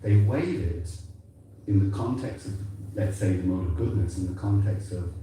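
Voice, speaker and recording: A man born in England gives a rambling, conversational sermon with an accent that mixes English and Irish. His voice sits low and dark, with a mellow tone. He is heard from a distance in a very echoey temple hall. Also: moderate pace, a little hiss or hum. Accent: mixed English and Irish. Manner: conversational, rambling, frequent "you know". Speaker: temple speaker.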